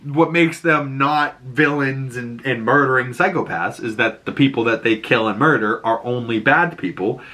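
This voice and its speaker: A man's voice: medium pitch, normal speed, hardly any pauses, pushed and bright. A man casually recapping a TV show, laughing often and swearing freely.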